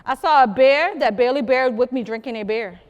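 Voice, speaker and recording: A woman's voice: high voice, fairly quick, big-room sound, highs cut off. A woman, telling stories live and teasing the listeners as she talks to them. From South Carolina. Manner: lively, teasing, talks straight to the crowd. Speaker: storyteller. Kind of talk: live storytelling to an audience. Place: museum program room.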